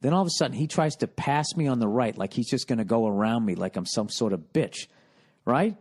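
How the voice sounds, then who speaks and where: A man in his forties from the United States, hosting a podcast, telling comedic stories in a profane, animated rant. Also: mid-range voice, brisk, breathy edge. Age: 40s. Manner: profane, animated, loud when retelling. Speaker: podcast host.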